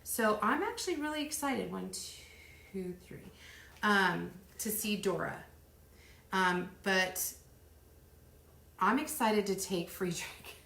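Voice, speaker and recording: Chatty middle-aged woman with vocal fry. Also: medium pitch, lively intonation, slow, long pauses. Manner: chatty and rambling, counting softly under her breath. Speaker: craft livestream host. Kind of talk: casual live chat while crafting. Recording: roomy echo.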